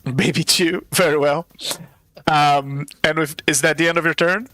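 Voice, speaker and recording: A man running a tabletop game as game master, halting with many fillers. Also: a little high, fairly even intonation, pushed and bright, dry recording.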